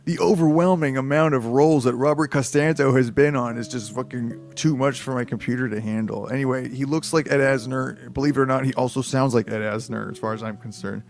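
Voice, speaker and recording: A man's voice: mid-range voice, fairly even intonation, brisk, creaky, few pauses, soft background music. A man streaming himself reading a novel aloud, breaking off for rambling, profane comic asides.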